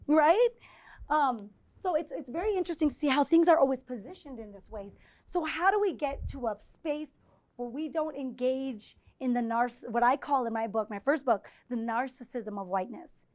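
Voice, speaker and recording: A woman's voice: high-pitched, a little fast, a little mellow. A woman professor giving a live lecture to an audience and taking their questions. She talks in a conversational way, keeps checking in with "right?" and acts out the exchanges she quotes. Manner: conversational, often checks in with 'right?'. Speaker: visiting professor giving a presentation.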